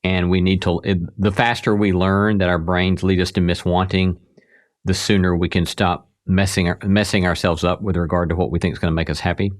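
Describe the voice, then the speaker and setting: A man with a low voice hosting an interview show. He introduces his guest and asks questions in a thoughtful, professorial manner. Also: flat delivery, fairly quick. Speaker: podcast host.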